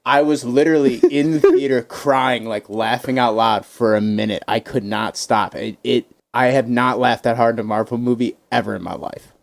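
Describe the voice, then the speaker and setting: A man co-hosting a podcast, rambling and swearing casually as he retells favorite movie scenes in animated bursts. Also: medium pitch, normal speed, gravelly, hardly any pauses. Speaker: podcast co-host.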